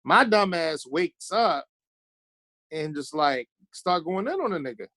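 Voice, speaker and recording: A man's voice: a little high, animated, a little slow, sharp tone, no room sound. A man from Baltimore, a podcast guest telling blunt, profane stories in casual chat and acting out the quotes.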